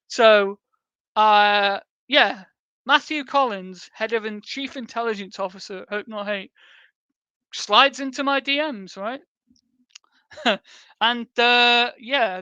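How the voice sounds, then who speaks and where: British male streamer, loose and profane, bright crisp voice, dry sound. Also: high voice, no echo. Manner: profane, rambling, laughs often. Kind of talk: casual livestream rebuttal.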